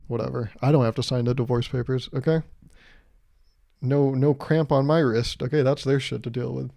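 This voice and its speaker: Mellow-voiced man ranting on a podcast. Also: medium pitch, normal speed, creaky, no echo, studio quality. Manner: profane, exasperated ranting with lively swings. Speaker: podcast host. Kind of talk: casual comedic solo rant.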